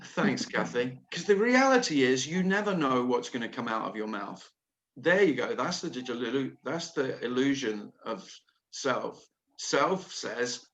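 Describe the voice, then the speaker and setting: A man's voice: medium pitch, animated, measured pace, a bit bright. Guy on a muffled lo-fi zoom call, laughs a lot, voice swings up and down a lot, chatty and candid. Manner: laughs often, playful and candid. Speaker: host of a nonduality meeting. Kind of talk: casual video call chat. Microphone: video call.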